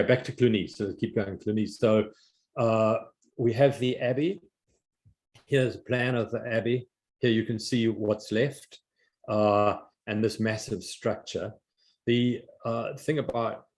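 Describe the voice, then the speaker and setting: An older man giving an informal art history slide lecture, halting with many fillers and restarts. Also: lowish voice, darkish tone.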